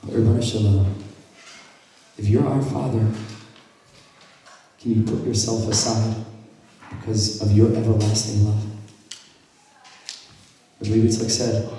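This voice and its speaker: A male rabbi telling a story at a gathering, acting out the dialogue and sometimes dropping to a hushed voice. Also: on the low side. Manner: acts out quoted dialogue, drops to hushed tones. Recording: echoey hall from far off.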